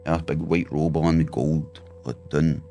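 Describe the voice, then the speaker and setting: A man's voice: a bass voice, level tone, normal speed, mellow, soft background music. A man telling vivid, swearing anecdotes in a casual chat as a guest.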